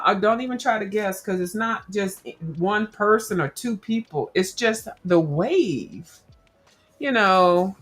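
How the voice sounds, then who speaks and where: A woman's voice: mid-range voice, lively intonation, slow, fairly bright tone, soft background music. A woman hosting a casual crafting livestream, chatting in a rambling, slangy way and talking straight to her viewers. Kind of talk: casual chat while crafting.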